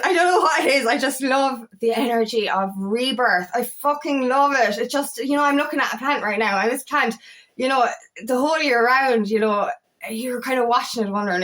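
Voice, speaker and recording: An Irish woman with a Kerry lilt delivers a casual spiritual pep talk in a slightly high voice. She gets fired up, swears freely, and keeps apologizing for it. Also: moderate pace, a bit bright. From Ireland. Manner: passionate, swears often, apologizes and laughs. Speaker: feminine empowerment coach. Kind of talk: casual spiritual vlog monologue.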